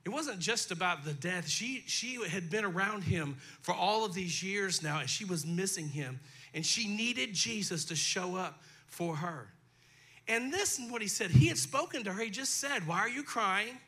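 A man's voice: high-pitched, lively intonation, normal speed, bright, forceful tone, breathy edge. A male pastor preaching a sermon in a folksy, conversational way, talking directly to his congregation, his throat dry. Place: church sanctuary.

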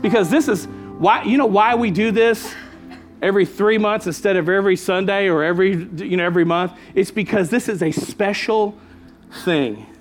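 At normal speed and a high pitch, a pastor gives an emphatic sermon while faint music plays underneath. He keeps repeating his main lines and calling out to the people in the congregation.

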